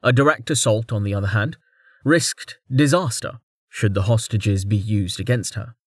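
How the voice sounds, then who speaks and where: A man's voice: fairly low pitch, normal speed, dry recording. Male audiobook narrator, dry close sound. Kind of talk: scripted narration.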